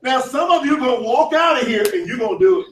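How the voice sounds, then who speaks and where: A man leading a motivational sales training, shouting, laughing and getting the crowd to answer back. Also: extremely high pitch, animated, fast, slight background noise. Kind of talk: motivational seminar talk. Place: large event hall. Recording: echoey hall, voice from far off.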